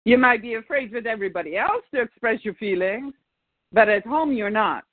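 Furious high woman on a tinny line. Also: lively intonation, brisk. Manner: furious, swearing, repeating herself. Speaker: therapy client. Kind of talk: emotional venting in a therapy session. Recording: tinny dry phone-like sound.

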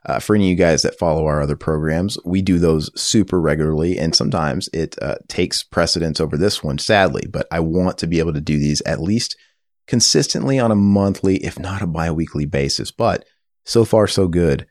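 A man hosting a casual podcast chat across a table, energetic and rambling with fillers. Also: low-pitched, brisk, no room sound, studio quality. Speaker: podcast host. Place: table in a room.

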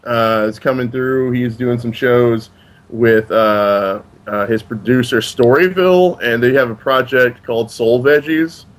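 A man co-hosting a comics podcast, announcing upcoming events in a relaxed way with many fillers. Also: mid-range voice, unhurried. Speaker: podcast co-host. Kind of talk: casual chat.

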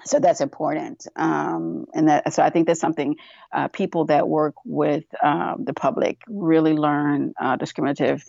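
A woman's voice: deep voice, fairly even intonation, moderate pace, creaky, a little mellow, no echo, dull audio. A woman co-hosting a casual podcast discussion, chatty with many fillers, acting out quoted voices as she explains. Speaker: podcast co-host.

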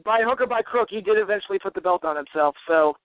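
A man's voice: sits high, expressive, dry recording. A man co-hosting a podcast, talking casually and hedging his points. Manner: measured, hedging with "I don't know". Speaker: podcast co-host. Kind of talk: casual chat. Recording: tinny phone-like line, dry.

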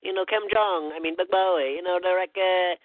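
A man playing a rambling, touchy caller with a heavy Korean accent, speaking halting, filler-filled English over the line. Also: high-pitched, steady tone, dry recording, close to an everyday voice. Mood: indignant. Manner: touchy, easily offended. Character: blustering self-important male caller, rambling. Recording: phone-like lo-fi line.

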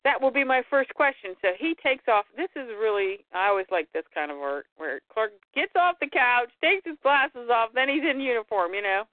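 A woman with a somewhat high voice recaps a comic book story on a casual podcast. She quotes the characters' lines, shifting her voice a little for each. The sound is dry and tinny, like a phone line. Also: sing-song, normal speed, few pauses, no echo. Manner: retells the story, quoting characters in lightly changed voices. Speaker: podcast co-host.

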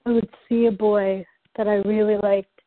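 A woman of middle pitch echoes phrases back in a soft, reflective way as a client in a guided tapping session. Her voice comes through a thin, phone-like line that sounds dry and close. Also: level tone, moderate pace.

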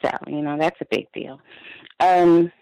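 A caller on a call-in show, telling rambling, animated anecdotes over the phone. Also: medium pitch, measured pace, no room sound, low-quality recording. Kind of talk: casual call-in storytelling.

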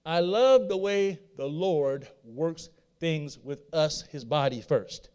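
A man's voice: on the high side, expressive, slow, darkish tone, clean tone. A man preaching a sermon, repeating his points and putting rhetorical questions to his listeners. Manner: repetitive, asks the audience rhetorical questions.

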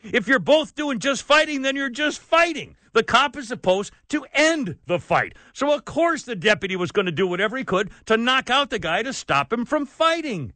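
A man's voice: extremely high pitch, sing-song, normal speed, bright, forceful tone, no room sound. A man hosting a talk radio show, ranting in an exasperated, worked-up way and saying he is sweating. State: sweating, overheated. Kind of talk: opinionated talk radio rant.

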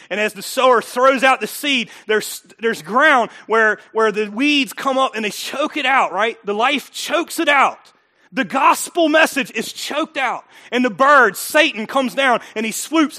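A man preaching a sermon as pastor in a church, animated and conversational, asking the congregation rhetorical questions and acting out what people will say. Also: sits high.

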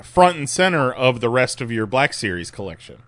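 A man joking around as a comedy podcast co-host, often breaking into laughter. His tone is bright and sharp, his pitch bounces around, and the mic sounds dry and close. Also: very animated, normal speed, no echo. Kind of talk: casual comedic chat.

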